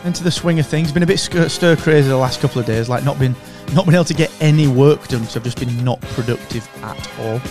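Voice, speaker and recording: A man's voice: medium pitch, quick pace, hardly any pauses, over music. A man with a Yorkshire accent co-hosting a casual podcast, laid-back and rambling in a matey way. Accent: Yorkshire English. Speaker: podcast co-host.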